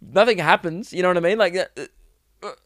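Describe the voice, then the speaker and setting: A man's voice: sits high, a little fast, fairly bright tone, no echo, clean studio sound. Crude comedy podcaster, young man. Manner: crude, riffing, acts out silly bits. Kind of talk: rambling comic monologue.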